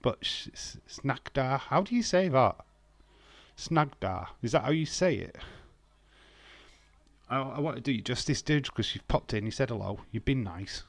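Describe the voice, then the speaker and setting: A man's voice: mid-range voice, animated, moderate pace, no room sound. Chatty guy on a live stream. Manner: chatty and self-mocking, laughs often. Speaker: streamer hosting a wrestling watch-along. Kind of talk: casual live-stream chat with viewers.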